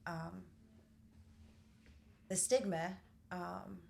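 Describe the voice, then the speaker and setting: A middle-aged woman telling a painful family story candidly, pausing often with fillers. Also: on the low side, level tone, gravelly, a little mellow. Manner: candid, halting with many fillers. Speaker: podcast host. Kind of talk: personal storytelling in conversation.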